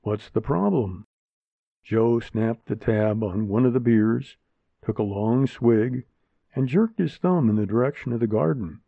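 Slow gravelly male storyteller. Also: medium pitch, no echo. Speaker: narrator. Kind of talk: storybook narration. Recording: narrow phone-like sound, dry.

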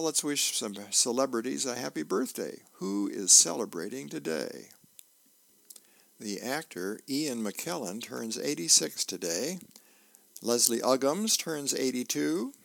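A man reading the newspaper aloud as a volunteer reader for a radio reading service, plain and unhurried with small slips. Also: mid-range voice, gravelly, a bit bright, dry recording.

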